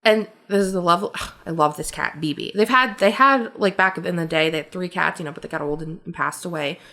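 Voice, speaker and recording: A woman co-hosting a podcast, telling stories in a casual, animated way with frequent laughter and lots of fillers. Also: fairly low pitch, brisk. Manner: animated storyteller, laughs often, many fillers. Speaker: podcast co-host. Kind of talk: casual chat.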